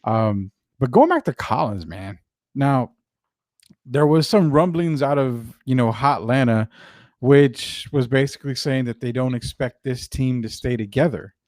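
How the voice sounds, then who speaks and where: A man hosting a casual sports talk show, chatting in a loose, drawn-out, questioning way. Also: medium pitch, lively intonation, darkish tone, no room sound, clean studio sound. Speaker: sports podcast host.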